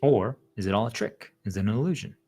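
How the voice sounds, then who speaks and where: A man's voice: on the low side, fast, slight background noise. A man talking casually and animatedly to his viewers, rambling with lots of "like" fillers. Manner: rambling, heavy use of "like" fillers; animated, acts out quoted voices. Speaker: channel host.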